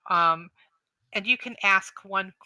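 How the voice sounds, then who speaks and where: A woman narrating a tabletop game as game master, describing scenes in an unhurried way. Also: mid-range voice, sharp tone, no room sound, muffled recording.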